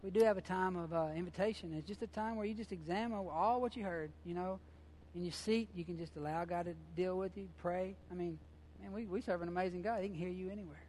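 A high-pitched male pastor delivering a fervent, down-to-earth sermon. He talks to the congregation like a friend, circling back on phrases and dropping casual grammar. A faint hiss sits under his voice. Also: fast, a little mellow. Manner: impassioned, conversational preaching with repeated phrases; colloquial, informal grammar.

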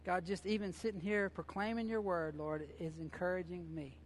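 A high-pitched male pastor delivering a fervent, down-to-earth sermon. He talks to the congregation like a friend, circling back on phrases and dropping casual grammar. A faint hiss sits under his voice. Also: steady tone, moderate pace. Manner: impassioned, conversational preaching with repeated phrases; colloquial, informal grammar.

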